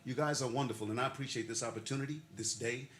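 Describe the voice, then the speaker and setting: Speaking rapid-fire at medium pitch, with fairly even intonation and a slightly bright tone, an older man gives an emotional acceptance speech at an awards ceremony. He talks through laughter, building each point with repeated, preacher-like phrases. The ceremony hall sounds echoey, with some faint noise.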